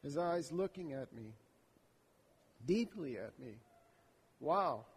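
A man with a high, breathy voice delivers a slow first-person monologue. His tone stays intimate and reflective, as if voicing his own thoughts. The recording carries a long hall reverb. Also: animated. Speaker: storyteller.

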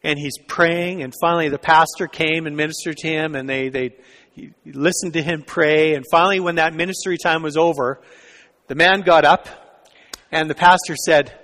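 A male preacher with a slightly high voice, preaching in a church sanctuary. He tells a story and often drops to a hushed tone. A long reverb hangs on every word. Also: steady tone, moderate pace. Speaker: pastor. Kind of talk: sermon.

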